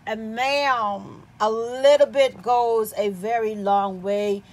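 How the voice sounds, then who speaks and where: A woman's voice: fairly high pitch, fairly even intonation, slow. A woman from the Caribbean giving a chatty, enthusiastic unboxing review, often checking in with "okay?". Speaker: product reviewer.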